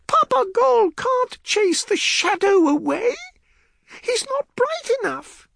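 A woman's voice: extremely high pitch, sing-song, slow pace, vocal fry, a bit bright, no echo, clean studio sound, pitched above the performer's own voice, heavily acted. A man narrating a storybook voices a frightened little girl who is crying and wailing. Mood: insistent. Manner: wailing, pleading.

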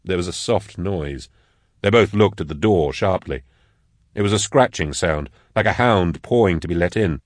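A man narrating an audiobook chapter in a measured storytelling manner. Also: low-pitched, no room sound, studio quality. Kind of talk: scripted narration.

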